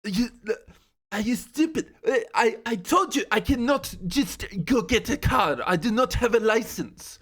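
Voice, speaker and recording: A young man putting on a French accent to mimic an indignant young woman who yells at him. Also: lively intonation, measured pace, full character voice. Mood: indignant, shouting. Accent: French, put on. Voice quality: high, strident, stilted.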